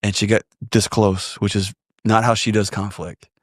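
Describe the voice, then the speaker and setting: A man with a drawl telling a personal story on a podcast in an earnest, animated way. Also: fairly low pitch, normal speed, no echo, clean studio sound. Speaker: podcast guest. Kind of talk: storytelling conversation.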